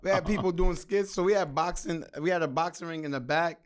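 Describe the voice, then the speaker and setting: A man guest on a podcast, telling stories in a relaxed, slangy, casual way. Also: a little high, brisk. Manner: laid-back, slangy storytelling. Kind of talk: casual storytelling chat.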